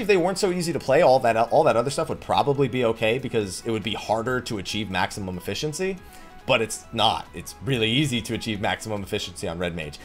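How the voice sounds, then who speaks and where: A man hosting a casual Q&A, reading viewer questions aloud and answering bluntly with jokes. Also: medium pitch. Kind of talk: casual Q&A chat about a video game.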